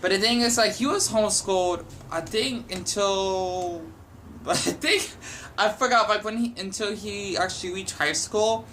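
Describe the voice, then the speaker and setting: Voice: medium pitch, unhurried, fairly bright tone, a little hiss or hum. A young adult vlogger talking at home in a chatty, wandering, self-deprecating way. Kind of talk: casual rambling chat.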